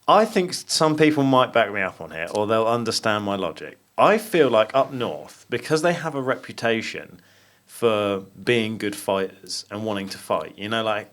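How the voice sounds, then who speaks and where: A man's voice: lowish voice, lively intonation, normal speed, fairly bright tone. A man from England co-hosting a podcast, chatting casually and joking, often laughing. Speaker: podcast co-host. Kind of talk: casual chat.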